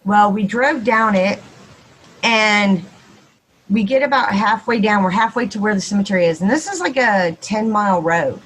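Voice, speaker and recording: A woman with a Texan accent, probably in her thirties or forties, telling a ghost story on a podcast, quick and animated and acting out the dialogue. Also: medium pitch, slight background noise, poor audio. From Texas. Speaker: podcast guest. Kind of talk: casual storytelling.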